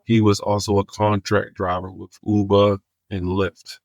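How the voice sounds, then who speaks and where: Podcast guest, man; animated storyteller who acts out the dialogue, low voice. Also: a little slow, no echo. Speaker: guest, homelessness outreach worker.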